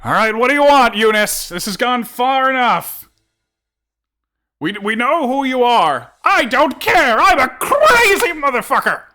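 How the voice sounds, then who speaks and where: A man voicing a flustered male guard captain who blusters loudly while negotiating. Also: extremely high pitch, sing-song, a little slow, faint music behind, pitched above the performer's own voice, heavily acted. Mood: blustering.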